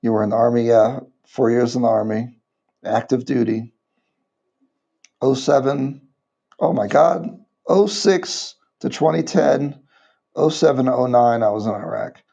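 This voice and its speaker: A man in his thirties from the United States, chatting casually on a livestream and rambling with halting restarts. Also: mid-range voice, vocal fry, mellow, muffled recording. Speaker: livestream vlogger.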